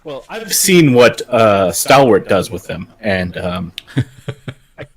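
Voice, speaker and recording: A man's voice: fairly low pitch, very animated, takes it slowly. A man voicing a matter-of-fact construct companion in a tabletop game, in a hesitant, dry way near his own voice.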